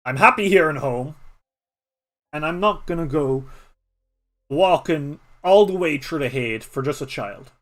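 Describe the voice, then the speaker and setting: A man with an Irish accent voicing a grumpy, stubborn old male postal badger who talks bluntly and loudly. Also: on the high side, animated, a little slow, pauses often. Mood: gruff.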